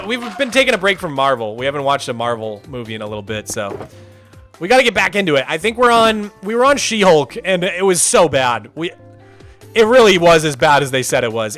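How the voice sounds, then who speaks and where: A young man chatting casually on a live stream, answering viewers as their messages come in. His voice is bright and a touch high. Soft music plays in the background. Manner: chatty, reads chat aloud, loose restarts. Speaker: streamer host. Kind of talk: casual livestream chat.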